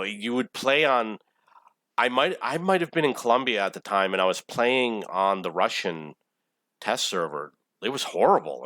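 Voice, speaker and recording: A man's voice: fairly low pitch, pushed and bright, no echo. A man in his forties giving casual, rambling commentary over his own gameplay replay, swearing often when irritated. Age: 40s. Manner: rambling, profane, easily irritated.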